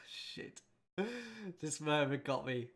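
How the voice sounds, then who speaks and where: A man's voice: medium pitch, fairly even intonation, very slow, a bit bright. A man hosting a casual film breakdown, speaking in a rambling and emotional way with a congested, nasal voice. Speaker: host.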